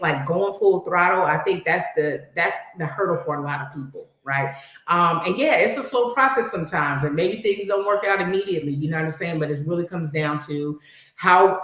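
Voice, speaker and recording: A woman talking as a podcast guest in casual chat, conversational and reflective, often saying "you know". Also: lowish voice. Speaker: podcast guest, cybersecurity professional. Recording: very echoey room.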